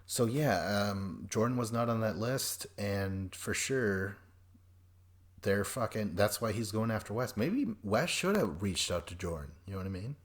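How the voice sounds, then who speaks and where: A man hosting a podcast, recapping a reality show in a rambling, profane way and acting out quoted people in quick voices. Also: lowish voice, animated. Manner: rambling and profane, jumps between notes. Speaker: podcast host.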